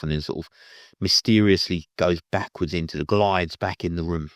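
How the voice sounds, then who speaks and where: Low-voiced man recapping a film. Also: fairly even intonation, moderate pace, dry recording, clean studio sound. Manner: rambling, meandering retelling with many restarts. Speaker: film reviewer.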